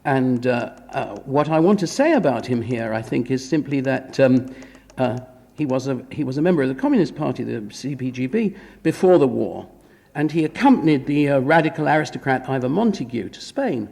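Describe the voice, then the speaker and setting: A man's voice: mid-range voice, lively intonation, brisk, creaky, darkish tone. A man giving an academic lecture at a film conference, with wry, ironic asides. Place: conference hall. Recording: long hall reverb.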